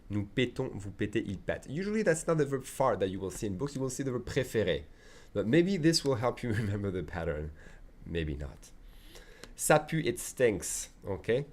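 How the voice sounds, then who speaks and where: Male language teacher, lowish voice, conversational and explanatory. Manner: chatty, explains with asides and checks in often. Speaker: French teacher. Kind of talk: online language lesson.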